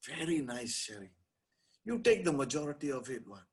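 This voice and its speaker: Brief: middle-aged Singaporean male lawyer, husky voice, fired-up webinar coaching with Singlish touches. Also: mid-range voice, normal speed. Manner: energetic, animated, peppered with Singlish particles. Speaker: lawyer giving a webinar to property agents. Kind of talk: motivational webinar talk.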